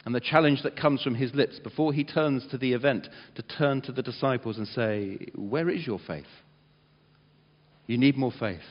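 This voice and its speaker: Guy preaching, lively storytelling, dull muffled sound, long echo in a big hall. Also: medium pitch. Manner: animated storyteller, dramatizes quotes loudly. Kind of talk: sermon.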